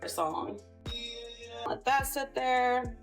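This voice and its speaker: Woman livestreamer, high voice, rambling defensive rant to viewers, faint music. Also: lively intonation, drawn-out words.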